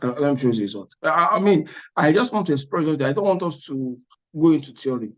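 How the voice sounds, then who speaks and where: A man's voice: on the high side, animated, quick pace, dull audio. A man, an exam prep tutor giving a motivational class talk, emphatic and repetitive, often checking "are you with me?". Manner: emphatic, repeats words, asks "are you with me?".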